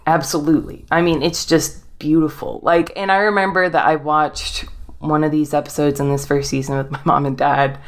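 Brief: young woman, podcast host, low voice, eager casual talker who laughs a lot. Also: level tone, moderate pace. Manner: enthusiastic, laughs often, many fillers. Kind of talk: casual chat.

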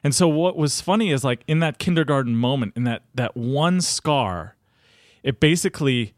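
A man in his thirties, a podcast guest telling his story in conversation, acting out quoted dialogue with big jumps in pitch. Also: lively intonation, moderate pace, no echo, studio quality.

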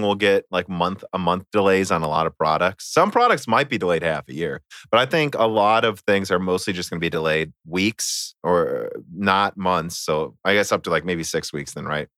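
Midwestern guy hosting a podcast, kinda low voice, dry close mic, chatty and jokey. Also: sharp tone, no room sound. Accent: Midwestern American. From American Midwest. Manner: joking, reads listener mail. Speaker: podcast host. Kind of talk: casual chat.

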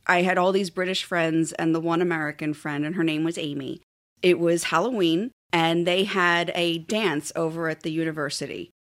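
A woman's voice: lowish voice, fairly even intonation, moderate pace. A middle-aged woman telling a rambling story in casual podcast chat, laughing often. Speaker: guest storyteller.

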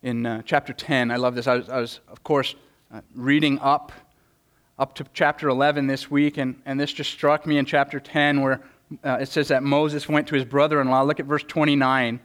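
A man's voice: medium pitch, flat delivery, normal speed, a bit bright. A man preaching a sermon, earnest, often repeating words as he starts a thought. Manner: earnest, stammering repetitions, voices quoted speakers. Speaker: pastor.

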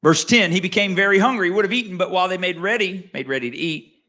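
A man preaching a sermon as pastor, swinging between quiet asides and loud emphatic lines and asking the congregation questions. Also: high-pitched, fast. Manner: conversational, asks the congregation questions.

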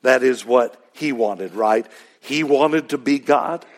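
A man's voice: mid-range voice, slow pace. A man with a Texas accent preaching a sermon as pastor, in a conversational style full of rhetorical questions.

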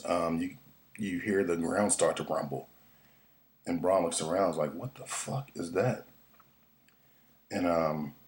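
A man giving a casual, profane, excitable recap of a TV episode, rambling with lots of fillers and restarts. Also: sits low. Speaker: podcast host recapping a TV episode.

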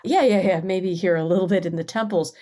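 A woman reading out the lines of a graying prince who speaks gently and coaxingly to a frightened girl. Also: medium pitch, sing-song, normal speed, voice pushed up. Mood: soothing. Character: graying prince, soothing and a little defensive.

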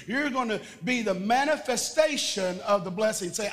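Male pastor with a high voice, preaching emphatically to a congregation; echoing sanctuary. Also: expressive, a bit bright. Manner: emphatic preaching, drawn-out repetition. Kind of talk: sermon with prayer and call-and-response. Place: church sanctuary. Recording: church hall reverb.

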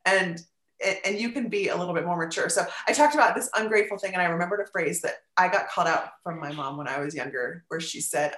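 A woman's voice: on the low side, fast talker, fairly bright tone. A woman in her forties, a guest sharing parenting advice in a casual, earnest, talkative way. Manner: earnest, talkative, many "you know" fillers. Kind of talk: casual conversation. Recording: echoey room.

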